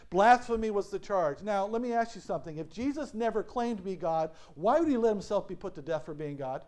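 Man, pastor, high-pitched, lively questioning sermon delivery with frequent laughs. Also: brisk, few pauses. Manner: asks the congregation questions and lets them answer. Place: church sanctuary.

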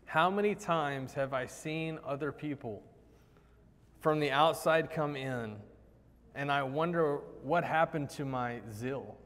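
A male preacher speaks in a somewhat high voice, chatty and animated as he acts out the lines he quotes. His sermon rings through a church sanctuary with a long hall reverb. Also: slow.

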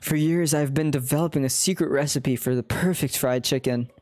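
A woman doing a breathy, folksy old colonel. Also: low-pitched, brisk, a little mellow, no echo, close to an everyday voice. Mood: proud. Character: folksy elderly male fried-chicken colonel, pompous.

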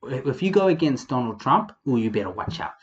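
A young man from New Zealand with a New Zealand accent, hosting a casual comedic vlog in a rambling, profane, animated way. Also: medium pitch, brisk, lo-fi sound. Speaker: vlog host.

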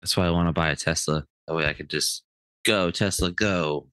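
A man co-hosting a podcast in casual banter, teasing in a deliberately low, dry tone. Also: flat delivery, fairly bright tone, clear, resonant tone, no echo. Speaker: podcast co-host.

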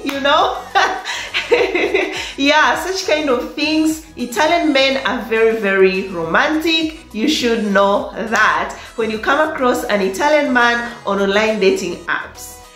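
A chatty woman with a high voice talks unhurriedly through dating advice for her viewers, often breaking into laughter and repeating words for emphasis. She sounds like she's in an echoey room with faint music in the background. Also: animated, slow, fairly bright tone. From Africa. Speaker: vlogger giving dating advice. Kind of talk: casual advice monologue to viewers. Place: in Italy, in a room with echo.

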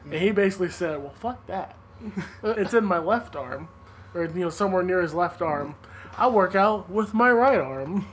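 A man's voice: sits high, expressive, moderate pace, a bit bright, slight background noise, low-quality recording. A man hosting a podcast, recounting news in loose, casual chat with frequent laughter and swearing. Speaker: podcast host.

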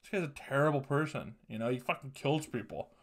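A man's voice: mid-range voice, brisk. Profane, laughing man ranting casually. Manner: crude, profane, laughing asides. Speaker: podcast host. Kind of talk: casual solo podcast rant.

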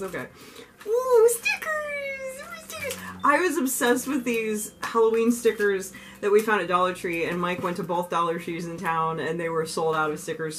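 A young woman vlogging as she unboxes gifts, gushing, gasping and squealing with excitement. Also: on the low side. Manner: gushing, squeals and gasps often, lively and giddy. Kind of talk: excited casual unboxing chat. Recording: music playing underneath.

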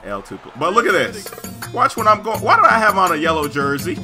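A man giving excited gameplay commentary over a basketball video game and yelling on big plays. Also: high-pitched, brisk, soft background music. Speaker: gaming YouTuber.

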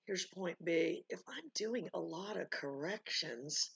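Gravelly-voiced lady dog trainer rambling on at home, lots of "you know"s, kinda muffled lo-fi sound. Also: lowish voice, expressive, takes it slowly. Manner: rambling, many fillers and asides. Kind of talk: casual teaching talk. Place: home with dogs nearby.

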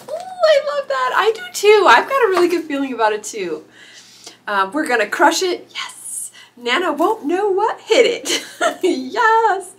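A middle-aged woman vlogging as an author YouTuber, gushing and squealing with excitement while unboxing gifts, teary-eyed. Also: very high voice, a little slow. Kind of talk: unboxing vlog.

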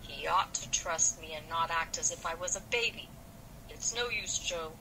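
A woman's voice: low-pitched, normal speed, background noise. A woman reading the indignant lines of a proud, sulky young man from an old novel. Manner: indignant, defensive. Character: male youth, proud and sulky.

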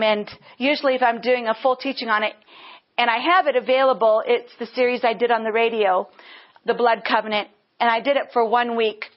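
A woman teaching a Bible lesson earnestly, breaking into bursts of praise. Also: a little high. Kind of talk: teaching sermon. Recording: dull lo-fi sound.

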